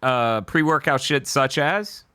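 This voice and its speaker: A man's voice: medium pitch, animated, measured pace, pushed and bright, smooth, dry recording. A man co-hosting a casual comedy gaming podcast, joking, swearing and laughing often. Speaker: podcast host.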